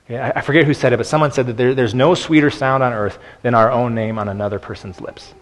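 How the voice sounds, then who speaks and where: A pastor giving an earnest, conversational sermon, often restarting and checking in with "okay". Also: male voice, medium pitch, fairly even intonation, quick pace. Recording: long hall reverb.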